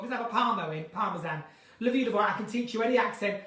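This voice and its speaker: A woman's voice: medium pitch, fast, fairly bright tone, far from the mic. A woman hosting an unscripted live stream chat, playful and chatty, reading viewers' comments aloud. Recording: roomy sound from a mic set back.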